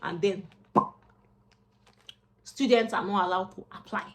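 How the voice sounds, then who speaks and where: This young vlogger and job seeker speaks with a Nigerian accent at a medium pitch and an unhurried pace. Chatting casually to camera, she's expressive and slips into Pidgin now and then.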